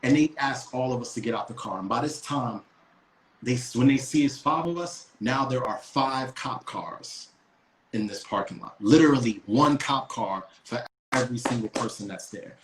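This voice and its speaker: A man's voice: mid-range voice, normal speed. A man tells a story on a podcast, blunt and profane, stumbling and restarting his sentences as he goes. His voice sits in a middling register. The sound echoes around the room, with faint noise underneath. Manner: profane, emphatic, with many restarts. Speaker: podcast co-host. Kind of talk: casual storytelling. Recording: roomy echo.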